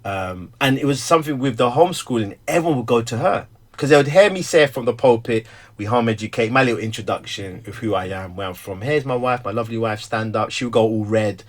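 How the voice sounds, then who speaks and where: A middle-aged man, a stay-at-home father who also preaches, talking candidly in an animated, storytelling way with frequent laughter. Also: medium pitch, fast talker. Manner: animated storyteller, acts out quotes, laughs often. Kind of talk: candid conversation.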